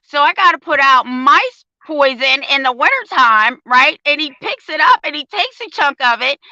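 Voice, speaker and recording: An older woman tells her story in a lively, storytelling way and acts out each quote. Her voice is strongly bright and a little high. The sound is dry and slightly muffled. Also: unhurried, no echo. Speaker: guest, parent advocate. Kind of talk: casual storytelling.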